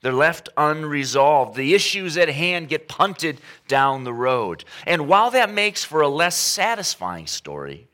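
A male pastor in his thirties praying and then preaching a sermon, telling stories with animated emphasis and repeated phrases. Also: fairly high pitch, a little slow, few pauses.

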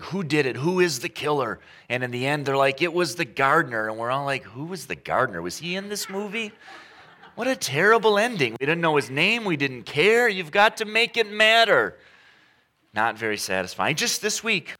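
A male pastor delivers a sermon from prayer into storytelling. His voice is bright and clear, and his pitch swings widely as he builds each point. He repeats key phrases for emphasis.

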